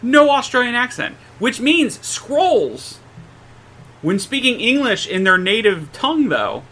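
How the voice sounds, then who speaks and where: Bright-voiced chatty podcast man. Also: very high-pitched, measured pace, breathy edge, rough recording. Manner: animated, teasing, does silly accent impressions. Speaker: podcast co-host. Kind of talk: casual banter about movies.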